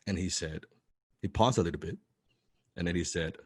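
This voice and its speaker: Excitable man with a low voice. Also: moderate pace, slightly rough, dry recording, studio quality. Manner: excitable, repeats words often, swears for emphasis. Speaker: business coach telling a personal story. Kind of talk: animated storytelling talk.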